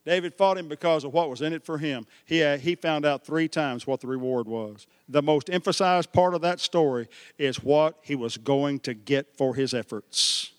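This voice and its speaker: Male preacher with a high voice, dramatic storytelling sermon delivery. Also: normal speed, few pauses, smooth, no echo, studio quality, in a large hall. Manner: animated storytelling preacher, swings from hushed to shouting. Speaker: pastor.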